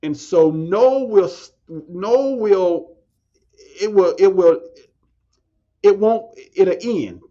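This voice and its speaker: A man's voice: high voice, very slow, pauses often, mellow, dull audio. A man, a podcast guest telling a story in casual talk, often restarting and repeating phrases.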